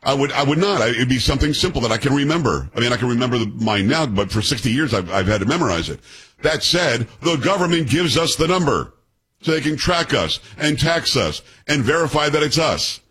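A man's voice: mid-range voice, lively intonation, fairly quick, a bit bright, husky. A man in his sixties hosting a political talk radio show, blunt and sarcastic, quizzing his co-hosts and ranting at the news.

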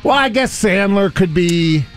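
A man's voice: high voice, lively intonation, a little slow, soft background music. A man co-hosting a radio show, chatting casually and trailing off mid-sentence.

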